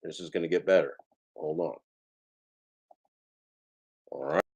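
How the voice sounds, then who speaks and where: A man's voice: extremely low pitch, fairly even intonation, gravelly, darkish tone, slightly rough. Rambling comic karaoke host, man. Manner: rambling, halting, restarts mid-phrase; talks about himself in the third person. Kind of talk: rambling comic livestream chat.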